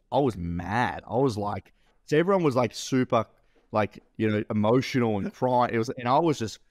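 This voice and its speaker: On the lower side in pitch, this man co-hosts a podcast and also runs a business. He rambles casually through a story, using lots of fillers and curse words, in a studio-quality recording with no echo.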